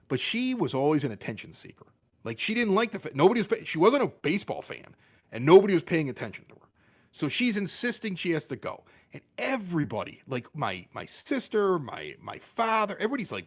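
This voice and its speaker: Middle-aged male podcast guest, animated raconteur, acts out quotes, a touch high-pitched. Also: fast talker. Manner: animated, exaggerated quoting of others. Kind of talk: casual storytelling.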